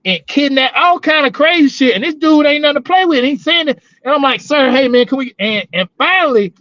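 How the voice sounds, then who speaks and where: A man's voice: extremely high pitch, expressive, a little fast, sharp tone, dry recording, lo-fi sound. A man co-hosting a casual talk show, telling profane, rambling stories about working as a corrections officer. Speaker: podcast co-host, former corrections officer. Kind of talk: casual chat.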